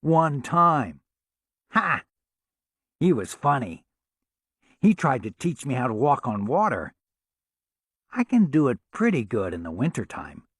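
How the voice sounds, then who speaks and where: A man's voice: medium pitch, very animated, unhurried, long pauses, a bit bright, husky, no room sound, studio quality, full character voice. A man voicing a mischievous male trickster god from an audiobook, boastful and playful. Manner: boastful, playful, laughs at his own tales.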